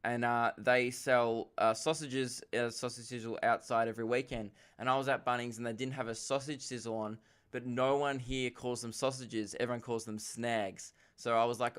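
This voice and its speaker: A young Australian man hosts a casual comedy podcast and rambles through listener questions. He mocks himself and throws in quick asides. His voice sounds smooth and clear. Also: medium pitch, steady tone, a bit bright. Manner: rambling, self-mocking, quick asides and laughs.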